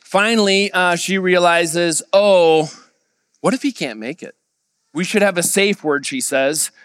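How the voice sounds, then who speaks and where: A man pastor delivering a sermon, retelling a story and quoting others in a lively voice. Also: high-pitched, measured pace, clean tone, dry recording, long reverb tail. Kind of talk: sermon with anecdote.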